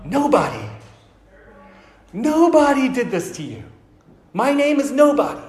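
A man voicing a proud, clever hero who shouts mocking taunts. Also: very high voice, sing-song, measured pace, pitched above the performer's own voice, full character voice. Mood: sly. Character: cocky boastful young male hero, taunting. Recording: roomy echo.

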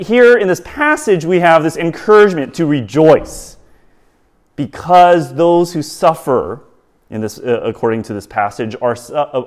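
Guy giving a sermon, lots of ums and restarts, pitch bouncing up and down a lot. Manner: halting, many fillers and restarts, asks the audience rhetorical questions. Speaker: preacher.

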